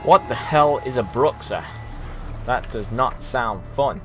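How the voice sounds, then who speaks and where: A young man from the UK streams a game with casual, rambling commentary. His pitch jumps around a lot as he exclaims, with faint music playing behind him. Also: animated, takes it slowly. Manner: rambling, exclamatory, lots of ums. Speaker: gaming streamer. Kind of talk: casual let's-play commentary.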